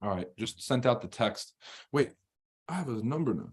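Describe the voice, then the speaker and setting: A man's voice: medium pitch, husky. Blunt, profane male trading streamer. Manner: fast, rambling and animated when ranting. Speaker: livestream trading host. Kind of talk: casual live-stream commentary reading chat.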